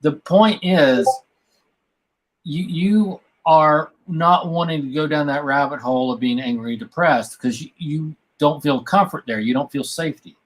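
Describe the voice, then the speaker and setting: A man's voice: fairly high pitch, poor audio. Hesitant man weighing his words. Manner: measured, hesitant, many fillers. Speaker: podcast co-host. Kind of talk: casual livestream chat.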